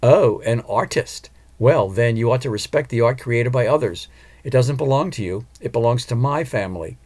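A man's voice: mid-range voice, normal speed, darkish tone, close to an everyday voice. A man voicing a haughty, threatening veiled woman in an audiobook, with a commanding, pushy manner. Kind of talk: audiobook character voice.

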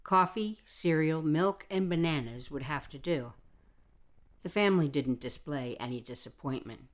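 A woman reads an audiobook narration in a low voice. Her delivery is measured and even, the plain rhythm of scripted storytelling.

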